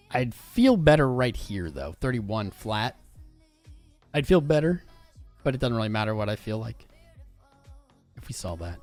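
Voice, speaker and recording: A man's voice: mid-range voice, a little mellow. A man hosting a live crypto trading stream, chatting casually and reading out viewer comments as he goes through charts. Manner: upbeat, chatty, reads viewer comments aloud. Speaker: crypto livestream host.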